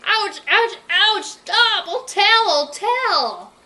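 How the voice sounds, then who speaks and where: A woman's voice: high-pitched, lively intonation, sharp tone, exaggerated voice, poor audio. A woman voicing a boastful, greedy rich villain man, drawing out his sneering lines in a storybook reading. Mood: pained. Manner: boastful, sneering, drawn-out delivery.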